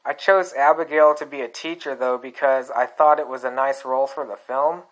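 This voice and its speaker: A man reading the lines of an easygoing young male filmmaker in a plain, unhurried voice. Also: medium pitch, steady tone, natural voice, low-quality recording.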